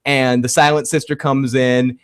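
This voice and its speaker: A man's voice: mid-range voice, flat delivery, normal speed, clear, resonant tone. A young man hosting a casual episode recap, retelling scenes animatedly and swearing often. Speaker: host.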